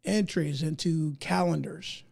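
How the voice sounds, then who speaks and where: A man's voice: fairly high pitch, fairly even intonation, a little slow, gravelly, a little mellow. A man from the United States who is losing his voice, giving emphatic, indignant opinion commentary as a podcast host and reading articles aloud in a folksy way.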